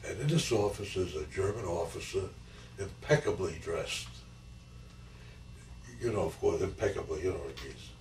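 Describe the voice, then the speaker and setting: A man's voice: low voice, expressive, moderate pace, pauses often, a little mellow. An 80-year-old man telling his grandchildren about his life, rambling and repeating key phrases. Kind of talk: casual storytelling interview. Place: family home. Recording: echoey home camcorder audio, mic far off, faint hiss.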